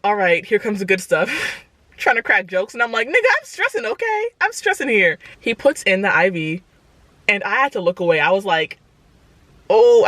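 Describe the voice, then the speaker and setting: Animated young woman telling a story. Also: medium pitch, no room sound. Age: 20s. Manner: animated, exclaims to viewers as "y'all". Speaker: vlogger. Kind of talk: casual storytime.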